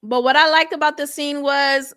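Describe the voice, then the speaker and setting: A woman recapping a TV episode in a casual, animated way, repeating lines for emphasis and using slang. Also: high-pitched, normal speed. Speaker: TV show reviewer.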